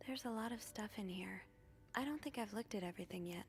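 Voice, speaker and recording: An actress voicing a curious young woman who snoops through hotel rooms in a video game, muttering quietly to herself. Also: mid-range voice, fast, soft background music, natural voice. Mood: musing. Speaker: game protagonist.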